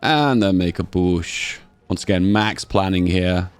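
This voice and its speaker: A man giving casual, chatty commentary while playing a strategy game, thinking aloud and reacting excitedly to how it goes. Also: low voice, unhurried, clear, resonant tone. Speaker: gaming channel host.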